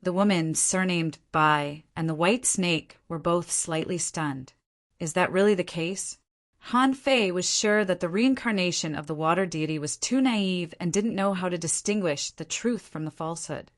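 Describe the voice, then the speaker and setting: A woman narrating a fantasy audiobook in a steady, even reading voice. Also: lowish voice, moderate pace. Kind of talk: scripted narration.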